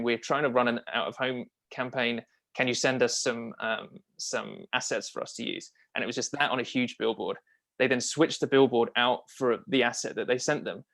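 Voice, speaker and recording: Being interviewed as a copywriter and marketing strategist, a man with a medium-pitched voice speaks with casual enthusiasm, frequently using fillers and restarting.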